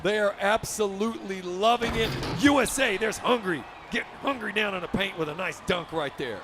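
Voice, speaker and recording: High-voiced energetic play-by-play man. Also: normal speed, over music. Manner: energetic, upbeat, frequent shouted calls. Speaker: esports commentator. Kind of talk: live basketball video game play-by-play.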